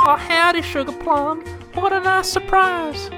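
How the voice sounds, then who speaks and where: A man's voice: very high-pitched, steady tone, measured pace, over music, voice pushed up. Man putting on a sugary Texan lady. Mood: syrupy. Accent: put-on Texan. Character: chirpy Texan woman office boss, syrupy.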